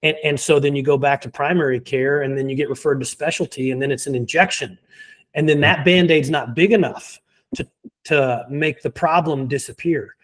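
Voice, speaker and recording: A man in an interview, confidently explaining why pain is a sign of a deeper problem, with a laugh now and then between points. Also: fairly even intonation, normal speed. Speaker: physical therapy guest. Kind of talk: conversational interview.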